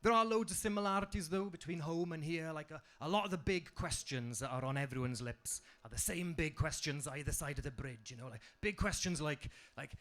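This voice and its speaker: A man's voice: fairly high pitch, fairly quick, few pauses, a bit bright. A young man with a strong Welsh accent performing a stand-up comedy set on a club stage, delivering punchlines dryly. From Wales.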